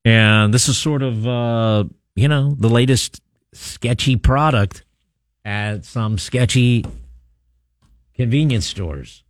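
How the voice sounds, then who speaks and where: A man's voice: medium pitch, takes it slowly, no room sound, studio quality. A man hosting a talk radio show, reading a news story and taking texts with wry, chatty asides. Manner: conversational, wry asides, frequent uh fillers. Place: radio studio. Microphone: studio microphone.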